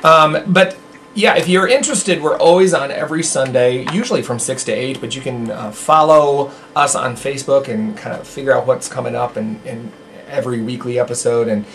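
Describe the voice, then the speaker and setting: A man's voice: medium pitch, fairly quick, a bit bright, a little hiss or hum. A man hosting a late-night radio talk show in a studio, rambling and joking casually on a studio mic.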